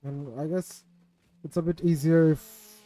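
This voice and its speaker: Mellow, slow-talking man streamer. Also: a little high, fairly even intonation, no room sound. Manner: rambling, self-mocking, swears when frustrated. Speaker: game streamer. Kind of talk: casual live-stream chat with viewers while gaming.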